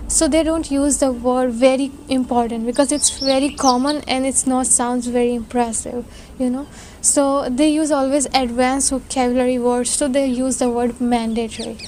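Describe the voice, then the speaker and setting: A woman's voice: high voice, darkish tone, slight background noise. A woman teaching English vocabulary in an online lesson, explaining patiently with many fillers and restarts.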